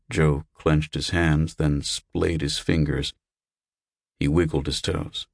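A man narrating an audiobook in a measured, even manner on a close mic. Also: a bass voice, gravelly, no room sound.

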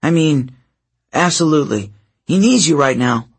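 Male reader doing an eager teenage boy, reassuring, slightly raised, husky storybook voice. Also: a little high, expressive, moderate pace, pitched above the performer's own voice.

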